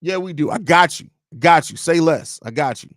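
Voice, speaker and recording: Male podcast host, 30s, loose joking storyteller, higher-pitched, recorded close and dry. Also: expressive, moderate pace, fairly bright tone, dry recording. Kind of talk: casual live-stream chat.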